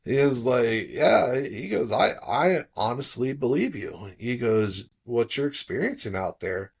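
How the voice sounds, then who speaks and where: A middle-aged man from South Florida talks through a personal story as a podcast guest, in an easygoing, conversational way. His voice sits at an ordinary pitch for a man. It perks up when he acts out what other people said. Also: unhurried, creaky, slightly rough. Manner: relaxed, animated when quoting others. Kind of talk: casual storytelling.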